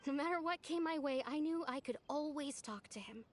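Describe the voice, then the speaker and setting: A gentle young woman from a video game speaks in a soft, sincere way about someone she misses, as an actress voices her. Her voice sits high and light. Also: fairly quick, faint music behind, close to an everyday voice. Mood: wistful. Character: gentle young woman missing a dear friend. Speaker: game character.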